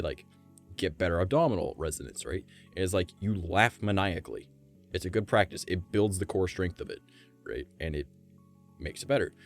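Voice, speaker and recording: A man with a raspy voice chatting casually on a live stream, swearing freely and demonstrating how his voice moves between low and high.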